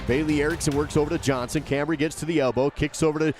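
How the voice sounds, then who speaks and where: A man calling a high school basketball game play by play, rapid and rising with each basket. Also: fairly even intonation, over music. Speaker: play-by-play commentator. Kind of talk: live basketball commentary.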